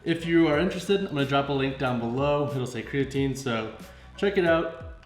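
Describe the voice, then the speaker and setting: A man's voice: mid-range voice, normal speed. A chatty young man with a Missouri accent, vlogging from his kitchen. His voice sits in a middling range and rings around a roomy space. Faint music plays under him. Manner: chatty, jokey, talks to the camera. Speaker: fitness vlogger. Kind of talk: casual vlog narration. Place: home kitchen.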